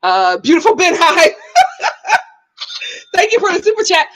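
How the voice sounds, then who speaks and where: This is a woman with a very high, bright voice that swoops up and down as she reacts live to a show. She talks bluntly and exclaims often, going back and forth with her chat as a streamer. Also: very animated, measured pace, poor audio. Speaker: YouTube host.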